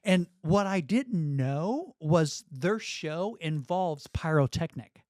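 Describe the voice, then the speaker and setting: Animated middle-aged man telling a story. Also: fairly high pitch, slow, no room sound, clean studio sound. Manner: animated storyteller, acts out quotes, laughs often. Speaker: guest. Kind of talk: storytelling in a podcast conversation.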